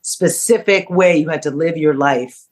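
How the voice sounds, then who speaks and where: A woman in her fifties, appearing as a podcast guest, talks reflectively in a casual discussion, posing rhetorical questions. Her voice sits low and her pace is measured.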